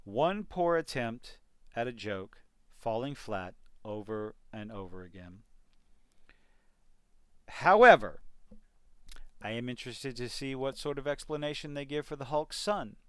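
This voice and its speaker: A man's voice: medium pitch, animated, measured pace, long pauses, a bit bright, clean tone, dry recording. A man giving an exasperated, sarcastic rant in a video review of a TV series. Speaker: TV review vlogger.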